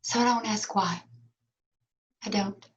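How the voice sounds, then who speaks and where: Heartfelt woman on dull lo-fi audio. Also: medium pitch. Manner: heartfelt, reflective, with fillers and pauses. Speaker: actress guest. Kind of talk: interview conversation.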